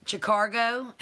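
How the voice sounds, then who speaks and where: Slow-talking woman host. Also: medium pitch, sharp tone. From North Carolina. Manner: affectionate, calls viewers honey and baby. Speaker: channel host. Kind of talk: live-stream chat, greeting viewers.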